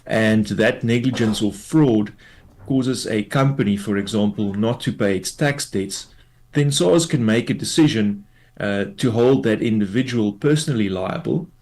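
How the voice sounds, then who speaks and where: A man, a tax law expert, explains a court ruling in a measured way, with many fillers, in a radio news interview. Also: on the low side, darkish tone.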